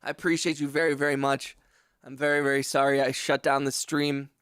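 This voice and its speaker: A man's voice: medium pitch, little pitch movement, brisk, a bit bright, clean tone, dry recording. A man streaming live to viewers from a home music studio, ranting in frustration and swearing, mocking himself, then thanking his chat on a close microphone. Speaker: livestreaming music producer. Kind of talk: casual livestream chat to viewers. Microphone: close broadcast microphone.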